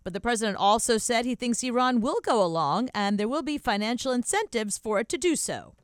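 A female news anchor reading headlines in a crisp, measured way. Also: on the high side, expressive, dry recording, studio quality.

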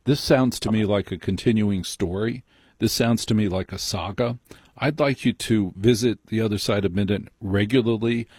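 A man hosting a late-night call-in radio show, speaking in measured, emphatic declarations. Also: lowish voice, a little mellow, breathy edge, no echo. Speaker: radio host. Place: radio studio.

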